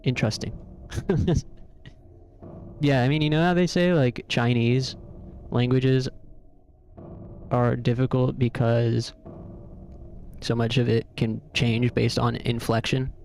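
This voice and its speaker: A man's voice: medium pitch, steady tone, slow pace, long pauses, darkish tone, slight background noise. A man streaming a game, chatting casually and trying out words aloud with curious musing.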